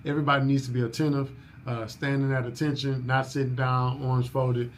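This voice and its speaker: A man's voice: mid-range voice, flat delivery, fairly quick, slight background noise. A man leading a staff orientation in a coaching manner, repeating his key points and asking if people follow. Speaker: business owner training new staff.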